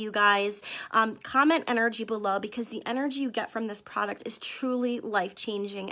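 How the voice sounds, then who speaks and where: A woman vlogger giving an earnest live-stream sales pitch, talking straight to her viewers and reading out their comments. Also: a bit bright. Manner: earnest, addresses viewers as "you guys", reads out comments. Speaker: wellness vlogger selling supplements.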